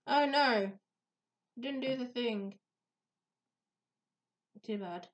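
A woman's voice: on the high side, extremely slow. A woman vlogger chatting casually with teasing, rambling asides while crafting. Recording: echoey, distant, dull, noisy room.

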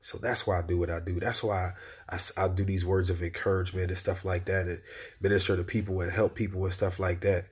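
Man, low husky voice, heartfelt spoken testimony, repeats key phrases like a preacher. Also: level tone, quick pace. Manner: preacher-like, repeats phrases, rises in pitch when exhorting. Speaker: Christian encourager giving personal testimony.

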